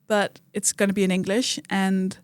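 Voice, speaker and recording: A woman's voice: medium pitch, little pitch movement, normal speed, smooth, no echo. Lady comic chatting on a podcast, laughs a lot, dry close sound. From Denmark. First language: Danish. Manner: chatty, laughs often, acts out quotes. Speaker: comedian guest. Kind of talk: casual podcast chat.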